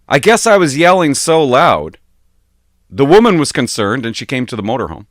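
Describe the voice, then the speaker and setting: A man doing emotional vlog commentary from his motorhome, telling his story in an animated way. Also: medium pitch, a little fast, no room sound, studio quality. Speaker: online commentator.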